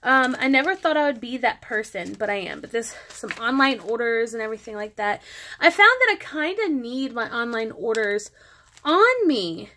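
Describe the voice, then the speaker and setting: A woman's voice: a little high, big pitch swings, normal speed, fairly bright tone, slight background noise. An adult woman and mother, chatting casually through a show-and-tell about her planner, rambling and breaking off mid-thought. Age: adult parent. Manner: chatty, rambling, self-interrupting. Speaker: planner vlogger.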